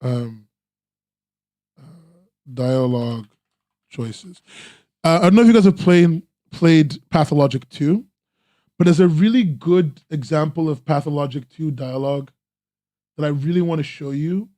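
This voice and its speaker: A man's voice: on the high side, unhurried, long pauses, mellow, no echo. A man casually reviewing webcomics on a stream, rambling with lots of "like" and restarts, eager in his praise. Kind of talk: casual live-stream commentary.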